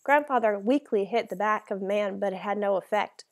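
A woman's voice: mid-range voice, a little fast. A woman narrating a first-person novel as an audiobook, reading in a dramatic, emotional way.

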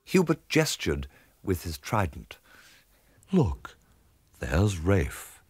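A man narrating a comic story in a pompous, theatrical way with sweeping emphasis. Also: very deep voice.

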